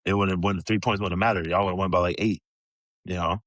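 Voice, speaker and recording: A man in his thirties, a podcast guest telling animated, profane stories full of casual slang. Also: sits low, a little fast, no echo. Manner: profane, animated storyteller, many "bro" and "like" fillers. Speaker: podcast guest, former pro basketball player. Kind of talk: casual storytelling.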